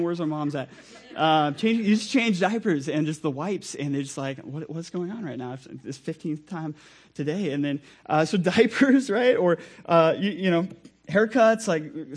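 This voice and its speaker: A young man preaching a sermon in a conversational, energetic way, full of asides to the listeners. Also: a little high.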